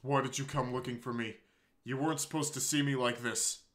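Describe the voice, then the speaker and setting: A man's voice: mid-range voice, fairly even intonation, a bit bright, natural voice. A man reading a tearful, anguished shy girl. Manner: tearful, halting confession. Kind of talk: reading a visual novel aloud.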